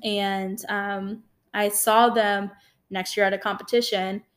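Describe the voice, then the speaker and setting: Young woman, podcast co-host, casual storytelling, animated delivery, mid-range voice. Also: medium pitch, takes it slowly. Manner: animated, lively retelling with acted-out quotes.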